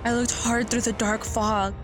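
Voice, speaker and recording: A woman's voice: fairly high pitch, flat delivery, unhurried, music in the background. A woman narrating a first-person horror story in a tense, earnest manner.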